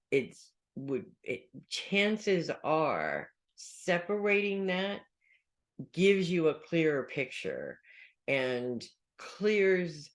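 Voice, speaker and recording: A man in his forties, a psychic giving his weekly reading in a casual, rambling way, telling a story about himself with self-deprecating asides and restarts. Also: fairly high pitch. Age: 40s. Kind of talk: casual spoken advice with personal anecdote.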